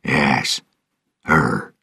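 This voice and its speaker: A grave, frightened older pirate who speaks of dread in hushed seriousness, as the narrator gives him his own very deep voice. The tone is low, slow and husky, recorded close and dry. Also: no echo, full character voice.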